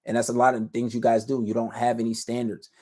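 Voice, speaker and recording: Confident male advice host, blunt and slangy, mid-pitched, lecturing tone. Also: completely flat delivery, fast talker, warm tone. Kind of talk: casual advice monologue to camera.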